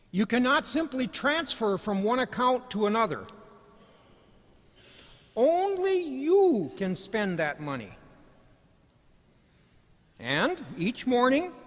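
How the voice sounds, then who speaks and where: A man giving a commencement speech, telling stories in a folksy, gently humorous way. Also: high voice. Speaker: commencement speaker. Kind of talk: ceremonial speech with storytelling. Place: commencement ceremony hall. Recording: large hall reverb.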